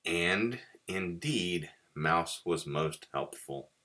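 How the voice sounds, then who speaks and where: Slow, deep-voiced pastor reading a story. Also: male voice. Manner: expressive storytelling.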